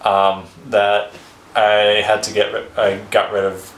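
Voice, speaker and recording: A man's voice: lowish voice, completely flat delivery, takes it slowly, fairly bright tone. A man casually telling his life story on a vlog, rambling and swearing freely, with chuckles between phrases. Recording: roomy echo.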